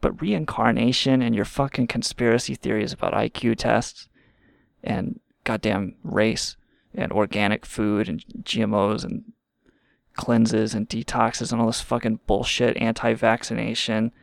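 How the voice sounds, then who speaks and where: A man with a heavily gravelly, fry-laden voice rants and riffs sarcastically, swearing freely as he rambles. The sound is close and dry, with no room behind him. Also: on the low side, flat delivery, measured pace, no room sound. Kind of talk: casual comedic rant.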